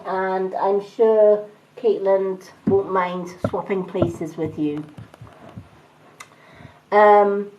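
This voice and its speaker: A middle-aged woman speaks gently and chattily to live viewers, giving spiritual readings at an even, middle pitch. The sound is dull and lo-fi, like phone audio. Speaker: tarot reader on a live stream.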